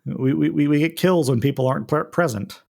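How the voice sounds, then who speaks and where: A man's voice: on the high side, fairly quick, vocal fry, darkish tone. A man running a tabletop game as game master, patiently walking the players through rules and turns. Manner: patient, explains rules step by step.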